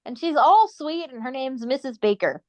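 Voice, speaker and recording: Podcast co-host, female, higher pitch, dry booth sound; lively recapper. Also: moderate pace, no room sound. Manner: animated storytelling, quoting characters in put-on voices. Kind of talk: casual chat recapping a cartoon.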